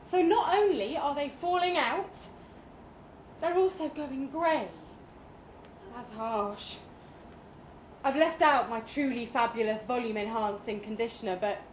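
A young woman reading a comic first-person story at a live fiction night, with a dry, deliberate delivery and pointed pauses. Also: high-pitched. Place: pub function room with live audience. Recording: echoey live room, faint noise.

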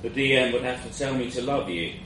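A man's voice: mid-range voice, a little fast, roomy sound, background noise, lightly acted. A man doing a blunt elf warrior woman. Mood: dry. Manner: dry, dismissive retorts.

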